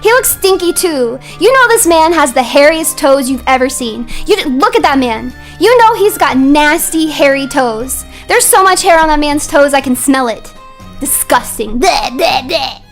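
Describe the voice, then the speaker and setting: Very high-voiced woman ranting on stream. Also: lively intonation, normal speed, soft background music. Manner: heated, ranting, rising to shouts. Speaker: vtuber streamer. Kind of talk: casual stream rant.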